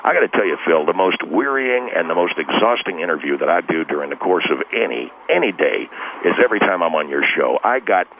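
A man playing a blustery, long-winded middle-aged girls' softball coach with a Texas accent, calling into a radio comedy bit, rambling and correcting himself defensively. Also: low-pitched, sing-song, brisk. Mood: blustering. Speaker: caller. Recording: tinny phone line with faint hiss.

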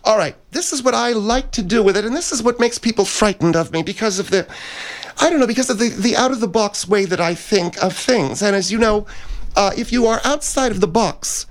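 A man's voice: high voice, fairly quick, natural voice. A man putting on a pompous old diva. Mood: haughty. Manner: pompous, theatrical, rambling. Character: vain, haughty older woman singer, a self-styled diva. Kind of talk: comedy sketch.

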